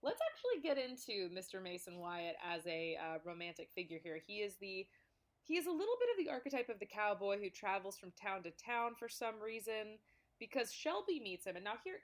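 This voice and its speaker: A woman's voice: mid-range voice, very animated, brisk. A woman co-hosting a podcast, chatting casually about a film, laughing and speaking to listeners. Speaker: podcast co-host. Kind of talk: casual film-review chat.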